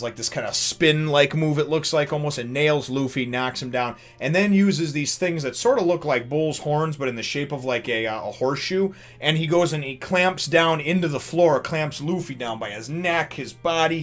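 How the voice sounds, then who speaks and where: A man's voice: on the high side, a bit bright. A man hosting a casual manga chapter review vlog who rambles with lots of fillers and laughs often. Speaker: host of a manga review channel.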